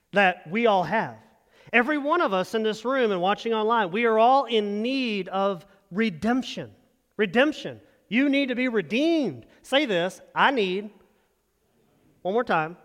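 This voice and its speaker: A man with a high voice preaches an animated sermon and draws call-and-response from his congregation. He is recorded in a church sanctuary, and a long hall reverb trails every phrase. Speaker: pastor.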